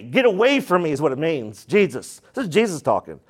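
A man with a high-pitched voice preaches a sermon. His delivery is emphatic and dramatic, and he acts out the voices of the people he quotes. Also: very animated, moderate pace, hardly any pauses. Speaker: pastor.

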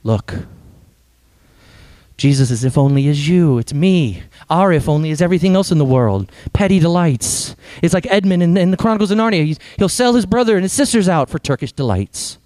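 A man preaching a sermon earnestly and emphatically, with dramatic pauses. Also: fairly high pitch, lively intonation, a little mellow, no room sound. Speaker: pastor.

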